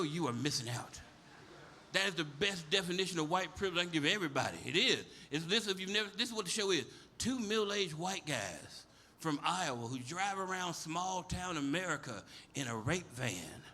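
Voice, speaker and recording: Brash, high-voiced stand-up comic man. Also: pushed and bright, a little hiss or hum. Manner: profane, brash, storytelling. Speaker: stand-up comedian. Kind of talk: stand-up comedy set. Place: comedy club stage before a live audience.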